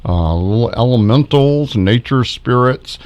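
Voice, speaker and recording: A man's voice: medium pitch, expressive, a little slow, darkish tone, lo-fi sound. A middle-aged man casually narrating his backyard footage as a ufology vlogger, chuckling often as he points out faces in orbs.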